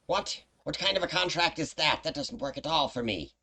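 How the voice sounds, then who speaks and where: A high, squealing imp voice full of whiny complaint, as a man puts it on. The creature is small, sly and petulant, and its pitch jumps far above the game master's own low voice. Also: expressive, a little fast, creaky, bright, forceful tone, heavily acted. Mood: indignant.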